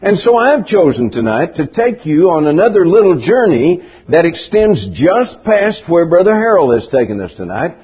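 A man's voice: sing-song, moderate pace, few pauses, breathy edge, muffled recording. An older man, preaching a sermon in a folksy storytelling way. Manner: folksy storytelling preaching with big pitch swings.

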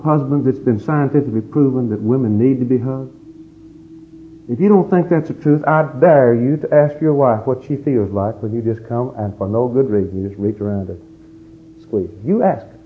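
A middle-aged man preaching a sermon, an animated storyteller who swings from loud outbursts to hushed asides. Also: medium pitch, dull audio, a little hiss or hum. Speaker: pastor.

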